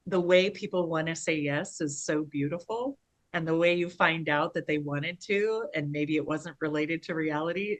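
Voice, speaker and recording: A woman co-hosting a podcast, telling long rambling stories in casual conversation with animated asides. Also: deep voice, rough recording. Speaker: podcast co-host.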